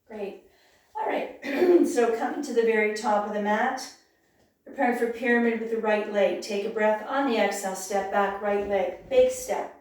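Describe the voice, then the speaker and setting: A woman leading a yoga class with calm, encouraging cues, sometimes losing her voice. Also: mid-range voice. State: clearing her throat, losing her voice. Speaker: yoga instructor. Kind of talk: guided yoga class instruction. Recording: very echoey room, voice from far off.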